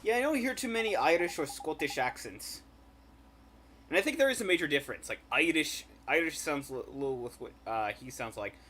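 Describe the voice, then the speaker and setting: A man's voice: a little high, animated, brisk, bright, forceful tone, slight background noise. Blunt swearing male co-streamer. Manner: blunt, swearing, filler-heavy. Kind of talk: casual livestream chat.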